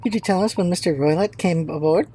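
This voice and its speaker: A woman's voice: on the low side, quick pace, dark tone, a little hiss or hum, lightly acted. A woman voicing a polite, hesitant young male student in a video game, in a raised voice. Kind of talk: game voice-over.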